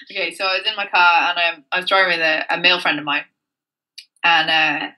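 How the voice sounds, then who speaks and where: Bright, laughing Welsh woman set back from the mic. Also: on the low side, flat delivery, brisk, far from the mic, rough recording. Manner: chatty, laughs often and swears freely. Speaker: podcast guest. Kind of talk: casual podcast chat.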